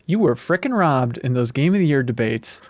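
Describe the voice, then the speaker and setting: A man's voice: mid-range voice, expressive, fairly quick, a little mellow, no echo. Upbeat male interview host, dry close sound. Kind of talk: casual conversation.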